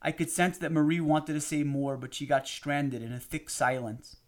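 A man narrating a memoir audiobook in a measured, steady reading. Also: a little high.

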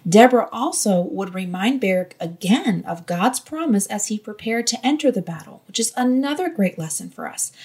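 This is a woman delivering a devotional Bible lesson. She sounds earnest and gently encouraging. Her voice sits a little high and has a soft, breathy edge. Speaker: Bible teacher.

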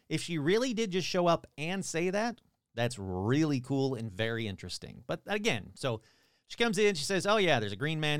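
A man's voice: fairly high pitch, clean tone, no room sound, studio quality. A man casually retelling a strange tale, with sarcastic, irreverent asides and the odd swear. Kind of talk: casual storytelling narration.

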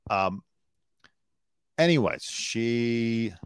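A man's voice: mid-range voice, expressive, extremely slow, smooth, no room sound, clean studio sound. A man hosting a casual live-stream news commentary, talking bluntly and opinionated, swearing freely and rambling with asides. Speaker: host, former entertainment news producer.

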